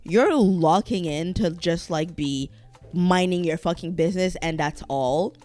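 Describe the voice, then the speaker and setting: A woman's voice: on the low side, a little slow, dark tone, faint music behind. A woman hosting her own podcast in a casual, rambling solo chat. She swears freely, trails off, restarts her sentences and speaks candidly. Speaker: podcast host.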